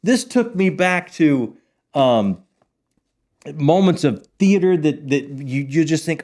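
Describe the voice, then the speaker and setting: A man's voice: a little high, animated, slow, darkish tone. A middle-aged man chatting casually about a book he loved, enthusiastic and rambling, with many fillers. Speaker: book channel host. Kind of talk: casual book review chat.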